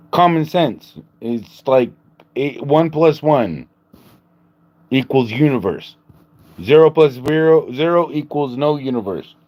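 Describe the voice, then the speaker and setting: A man's voice: medium pitch, a little mellow. A man hosting a livestream, rambling in a joking, casual way, laughing often and swearing. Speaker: livestream host. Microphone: phone.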